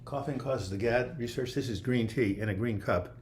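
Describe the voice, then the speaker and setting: Over a very noisy recording, a man with a mid-range voice hosts a relaxed livestream at normal speed. He reads viewers' comments and rambles through his answers, restarting often and repeating "you know."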